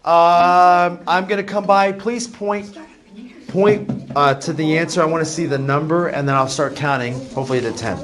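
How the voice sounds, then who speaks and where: A man's voice: a little high, fairly even intonation, moderate pace, a bit bright. A man teaching a math class, chatty and self-deprecating, joking with his students. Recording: noisy classroom recording.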